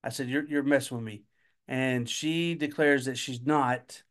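A man telling a family story in a measured, dry way on a podcast. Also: mid-range voice, steady tone. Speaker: podcast co-host, father. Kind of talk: casual storytelling chat.

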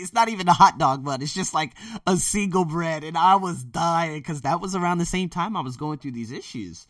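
A man's voice: a little high, fairly quick, hardly any pauses, no room sound, clean studio sound, distant mic. A young man casually telling personal stories in a loose, conversational way. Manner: animated, loose and conversational, swinging from loud to quiet. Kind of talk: casual storytelling monologue.

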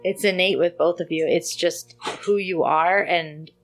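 Woman, lowish voice, casual co-host recapping a plot, faint music bed. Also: unhurried. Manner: animated retelling with acted-out quotes and laughter. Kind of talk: casual chat recapping a story.

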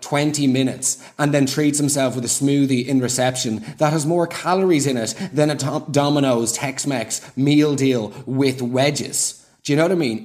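A man talks through a comic rant in a sardonic, exasperated way. His voice sits a bit high for a man. He keeps up a steady stream of mocking asides. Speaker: comedian. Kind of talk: sarcastic comic monologue.

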